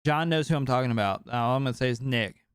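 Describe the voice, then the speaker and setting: A man in his late twenties telling a personal story in casual podcast chat, animated and full of swearing and filler words. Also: mid-range voice, fast talker, smooth, dry recording, clean studio sound. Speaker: podcast speaker.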